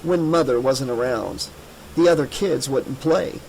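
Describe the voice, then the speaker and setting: A man narrating an audiobook in a measured, steady way. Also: mid-range voice, creaky, a little hiss or hum, poor audio. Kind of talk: scripted narration.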